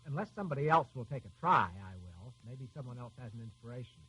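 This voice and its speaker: Fast, husky-voiced man from New England. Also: mid-range voice, animated, sharp tone, rough recording. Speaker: quiz panelist. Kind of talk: live radio quiz answering.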